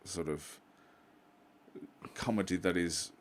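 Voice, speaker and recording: A man's voice: deep voice, slow pace, slight background noise. A man co-hosting a podcast, chatting agreeably and hesitantly, often restarting his sentences. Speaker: podcast co-host. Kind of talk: casual chat.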